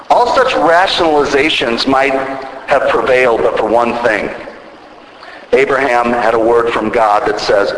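A man's voice: medium pitch, fairly bright tone. Man preaching in an echoing hall. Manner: measured preaching with rising emphatic peaks. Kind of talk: sermon. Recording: echoey hall, faint background noise.

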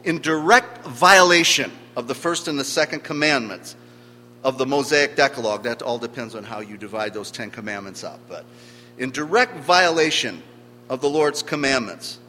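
A man's voice: medium pitch, expressive, moderate pace, pushed and bright. A man preaching a sermon, emphatic, stressing key words by swelling in volume. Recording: long hall reverb with faint hum.

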